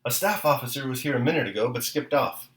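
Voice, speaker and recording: A man's voice: medium pitch, fast talker, a bit bright, roomy sound, close to an everyday voice. A man reading aloud and voicing a plain-spoken common soldier. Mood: blunt.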